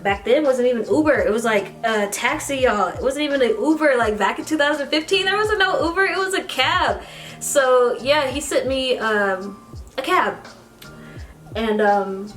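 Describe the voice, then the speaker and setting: A young American woman, a beauty vlogger, telling a story while doing her makeup. She talks casually and animatedly, with bursts of excited squealing. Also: a little high, moderate pace, soft background music. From United States. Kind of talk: get-ready-with-me storytime.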